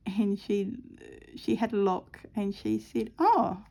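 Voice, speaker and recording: A woman's voice: medium pitch, lively intonation, slow, warm tone. A middle-aged woman chatting casually at home while stitching, telling a rambling story with lots of ums. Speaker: craft vlogger.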